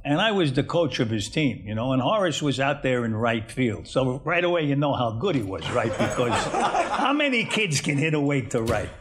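A man's voice: mid-range voice, big pitch swings, moderate pace, few pauses, faint music behind. An actor playing a crude, boisterous old man who laughs and curses through a story in a TV drama. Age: older. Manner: loud, laughing, cursing, mimics a whiny child. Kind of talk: TV drama monologue.

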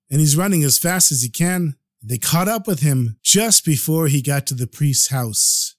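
A man narrating a story for a podcast in a lively, animated way. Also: on the high side, no echo, studio quality.

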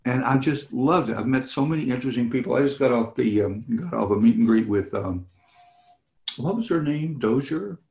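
A man's voice: mid-range voice, a little fast, echoey room, dull audio, soft background music. A man chatting with a fan on a video call, telling anecdotes with lots of laughter and acted-out voices. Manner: animated, laughs often, acts out voices in anecdotes. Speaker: celebrity hosting fan meet and greets. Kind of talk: casual storytelling chat.

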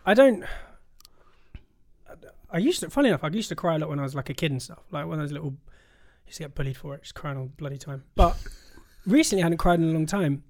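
Fast-talking, jokey man. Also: a little high, expressive. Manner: jokey, quick, playful. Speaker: podcast guest. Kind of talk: casual podcast chat.

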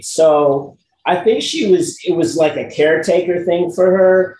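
A man's voice: fairly high pitch, a little slow. A man tells a story from his acting days in a loose, easygoing way, full of fillers. He livens up when he quotes himself. His voice rings a little in a roomy space, with faint noise underneath. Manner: relaxed, frequent fillers, lively when quoting himself. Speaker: actor guest recalling a past role. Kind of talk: casual anecdotal storytelling.

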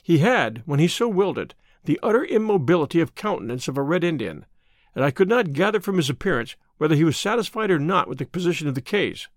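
A man narrating a classic story in an expressive, measured reading. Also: a little high, dry recording, studio quality. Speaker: audiobook narrator. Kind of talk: scripted narration.

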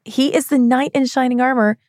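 A woman's voice: high voice, fairly even intonation, brisk, a little mellow. A woman hosting an interview, bubbly and eager as she chats with her guest. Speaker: host. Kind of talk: casual interview chat.

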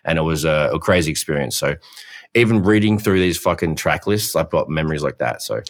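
A man's voice: rumbling low, expressive, brisk. A man co-hosting a podcast, telling stories with enthusiasm and swearing casually. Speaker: podcast co-host. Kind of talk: casual chat.

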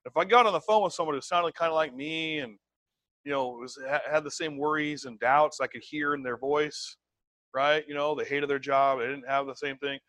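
Male sales trainer teaching a live group; emphatic, conversational, keeps checking in with the room; fairly high voice. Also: moderate pace, no room sound. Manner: emphatic, tags points with "right?" and "okay?"; repeats words, conversational and animated.

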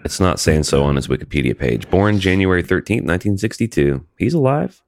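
A man in casual comedic chat, wry and animated, reading facts aloud with sarcasm. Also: low-pitched, a little fast, dry recording, clean studio sound.

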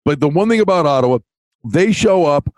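A male podcast co-host with a high, lively voice that swings all over, talking sports bets in a loose, theatrical way. He hams things up as he goes. The sound is dry and close. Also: brisk, no room sound. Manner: theatrical, hammy build-ups with mock voices. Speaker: podcast co-host, hockey betting. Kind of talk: casual sports betting chat.

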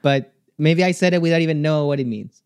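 A man, chatting as a guest and telling a story with lively acted-out quotes. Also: on the high side, a little fast, smooth, no room sound, studio quality. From Chile. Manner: animated storytelling, acting out quotes. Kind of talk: casual chat.

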